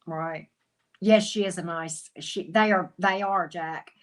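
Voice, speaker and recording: A woman's voice: lowish voice, steady tone, slow pace. A woman, a tarot reader chatting casually on a livestream, calling viewers honey and sweetie and greeting them by name. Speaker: tarot reader and channel host.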